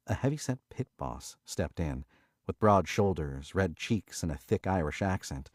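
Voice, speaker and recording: A man narrating a thriller audiobook in a steady, measured way on a close studio mic. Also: low-pitched, dry recording.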